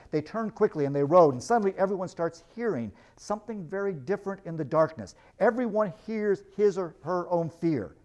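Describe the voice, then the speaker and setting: Male lecturer, lively storyteller reading passages aloud, voice sits a little high. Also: a little fast, hardly any pauses.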